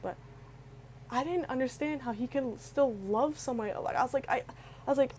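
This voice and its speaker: Her high-pitched, darkish voice moves a little fast as this young vlogger, almost crying, rambles through an emotional personal story packed with restarts and filler words. The rough recording has a little hiss or hum.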